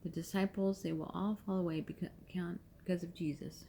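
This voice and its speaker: Woman scripture reader, lower voice, reads references aloud, restarts lines. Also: fairly even intonation, fairly quick, creaky, hardly any pauses, mellow, a little hiss or hum. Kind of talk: scripture reading.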